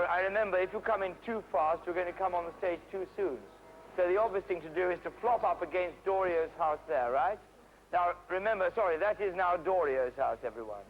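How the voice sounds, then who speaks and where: A man with a rather high voice runs an outdoor play rehearsal, briskly stopping his actors to fix pronunciation and staging. The sound is a dull old archive tape with a faint hiss underneath. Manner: brisk, instructive, stops and corrects actors. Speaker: drama teacher directing a rehearsal. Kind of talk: rehearsal direction. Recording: dull, faintly noisy 1970s archive recording.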